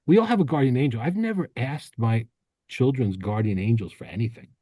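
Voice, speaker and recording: A man co-hosting a podcast, telling a rambling story in casual chat with many restarts and quick laughs. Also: mid-range voice, lively intonation, mellow, no echo. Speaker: podcast co-host.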